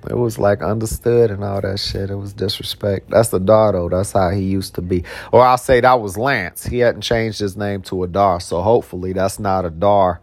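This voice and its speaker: A man's voice: lowish voice, steady tone, moderate pace, hardly any pauses, dry recording. A man rambling casually through personal stories, slangy and profane, with many repeated words and restarts. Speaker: podcast host. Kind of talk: casual storytelling monologue.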